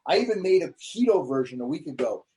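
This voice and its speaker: A man's voice: fairly high pitch, fast, husky. A man, a comedian guest in an interview, telling stories in casual chat and acting out quotes. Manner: animated storyteller, acts out quotes.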